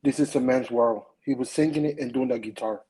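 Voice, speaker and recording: A man calls in as a guest from a car's back seat, speaking through his phone. He talks quickly with a husky, mellow voice. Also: medium pitch, rough recording. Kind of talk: casual livestream chat.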